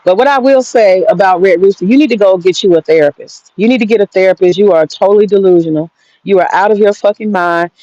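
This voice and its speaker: A blunt, swearing woman vlogger talks fast in a warm, mid-range voice as she rambles through a casual rant to her viewers from her garden outdoors. There's no echo; the voice is dry and close, while the recording itself sounds dull and lo-fi.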